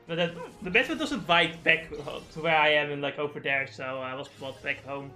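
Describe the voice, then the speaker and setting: A young man with a brisk, fairly high voice streams a game live over soft background music. He's got the hiccups and rambles excitably, swearing as he chats.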